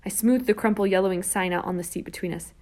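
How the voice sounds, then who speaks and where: A woman reading a first-person children's novel aloud, lively and character-driven, with whispered asides. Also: mid-range voice, fast talker. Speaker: audiobook narrator. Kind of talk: first-person storybook narration.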